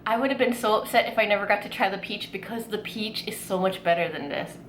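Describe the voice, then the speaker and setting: A woman food vlogger chatting excitedly while tasting desserts, gushing with lots of fillers. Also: mid-range voice, quick pace, echoey room, slight background noise. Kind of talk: casual food tasting vlog.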